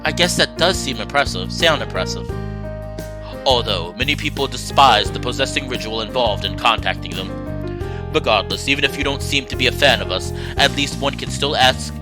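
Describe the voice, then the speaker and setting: A man voicing a large, calm, protective male tiger spirit in a game, with a deep, booming, formal way of speaking. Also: moderate pace, over music, natural voice. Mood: solemn.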